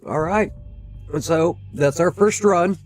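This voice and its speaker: A man's voice: high-pitched, slow pace, no room sound, studio quality. A man casually commentating his own gameplay, thinking aloud with plenty of fillers and restarts. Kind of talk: casual let's-play commentary.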